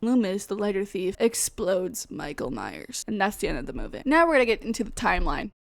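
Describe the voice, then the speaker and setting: A woman hosting a casual movie recap, swearing freely and telling the story with animated energy. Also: mid-range voice, a little fast, creaky. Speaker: host.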